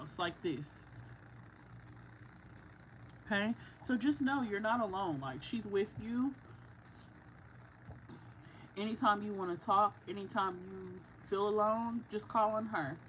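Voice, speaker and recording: A woman's voice: medium pitch, expressive, unhurried, pauses often, a bit bright, a little hiss or hum, rough recording. A woman giving a casual, heartfelt psychic reading. She talks in a rambling way, full of "like" and restarts. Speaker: psychic card reader. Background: music playing.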